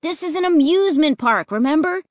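A woman reading an audiobook, voicing an excited, reckless boy who talks high and loud. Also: brisk, no room sound, studio quality. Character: excited reckless boy, thrill-seeking and gleeful.

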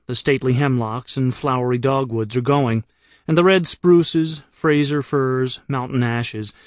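An American man reads his own comic travel memoir in first person, close to the mic, with a dry, wry storytelling touch. His voice sits at medium pitch, and the recording is dry.

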